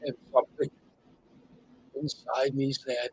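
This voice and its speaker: A middle-aged man hosting an interview, speaking candidly and emphatically, sometimes dropping to hushed tones. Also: mid-range voice, moderate pace, low-quality recording. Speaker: host.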